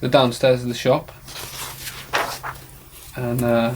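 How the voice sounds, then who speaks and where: A young English man in his twenties speaks on a livestream. His delivery is hesitant and full of fillers, and his intonation stays flat. There is clear background noise behind him. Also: mid-range voice, slow. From England, Oxfordshire. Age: 20s. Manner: hesitant, many short agreements and fillers. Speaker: shop helper. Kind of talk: casual livestream chat.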